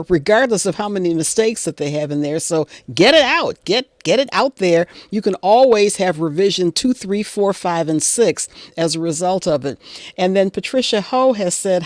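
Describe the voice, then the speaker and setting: A woman's voice: mid-range voice, animated, normal speed, darkish tone, no echo, clean studio sound. A woman moderating a panel on a video call, chatty, asking questions and reading out audience comments.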